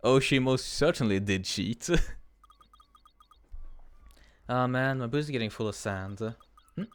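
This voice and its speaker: A chatty male streamer talking through a game live, laughing easily and reading the game text aloud. His voice sits at a middle pitch, with faint game music behind it. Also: moderate pace, few pauses, clear, resonant tone.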